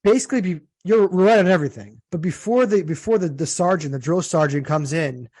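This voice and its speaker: Eager, fairly high-voiced male co-host. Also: fairly quick, a little mellow, slightly rough, dry recording. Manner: interjecting, eager to add details. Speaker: podcast co-host. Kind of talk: casual chat.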